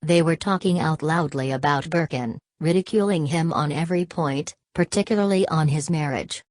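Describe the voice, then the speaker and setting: A woman narrating an audiobook in a measured way, reading punctuation marks aloud. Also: sits low, darkish tone, no echo. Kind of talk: scripted narration.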